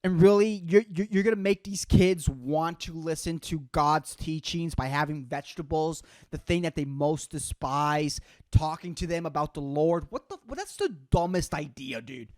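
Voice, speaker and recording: A man's voice: fairly high pitch, moderate pace, no echo. A man hosting a solo podcast, ranting profanely and calling the listener "dude" throughout. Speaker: podcast host. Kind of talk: solo comedic rant.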